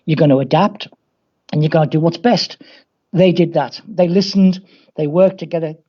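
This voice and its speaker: A man's voice: on the high side, moderate pace, husky. A man from England with a Scouse accent, a football coach telling wry stories in an interview. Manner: anecdotal, wry, acts out quoted voices. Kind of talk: storytelling interview. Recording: dull lo-fi audio.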